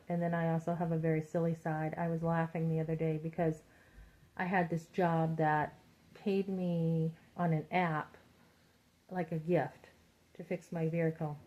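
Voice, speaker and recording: Warm and deep, this middle-aged woman's voice comes through a muffled, lo-fi recording. As a Christian vlogger speaking to women, she offers casual encouragement while recounting conversations she's had.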